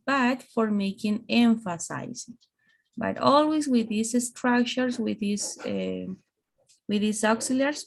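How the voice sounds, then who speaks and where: A woman teaching English grammar in an online lesson, speaking slowly and explaining through examples. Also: fairly high pitch, creaky.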